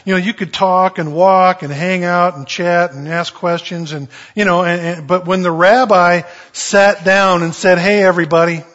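A male pastor preaching a sermon in a folksy, conversational way with animated storytelling. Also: high voice, a little slow, few pauses. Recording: dull lo-fi recording.

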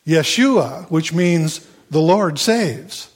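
A man's voice: a little high, unhurried. A middle-aged man preaching a sermon in a conversational way, with many fillers and restarts and playful asides to the congregation. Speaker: pastor.

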